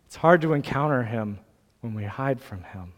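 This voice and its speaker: A man's voice: mid-range voice, lively intonation, moderate pace. Earnest male pastor in a reverberant hall. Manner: earnest, gently pleading delivery. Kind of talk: sermon.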